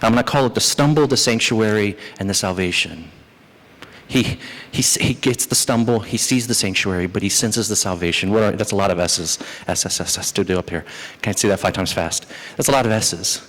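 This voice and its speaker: A male pastor preaching a sermon, lively and animated, who acts out the psalmist's complaints as he goes. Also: lowish voice, a little fast. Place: church sanctuary. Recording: church hall reverb.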